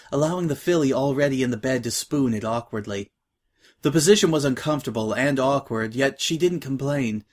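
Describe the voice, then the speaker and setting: A man narrating a dramatic reading of a fan story in a calm, even way. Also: mid-range voice. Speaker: reader.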